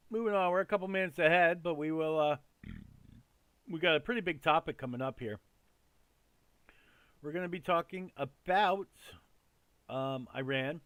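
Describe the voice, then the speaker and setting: A man hosting a casual news commentary in a chatty, rambling way, often repeating himself and filling gaps with ums and uhs. His voice sits a bit high for a man. The sound is dry and close, with no room echo. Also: a bit bright. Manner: loose, chatty, many fillers and repeats.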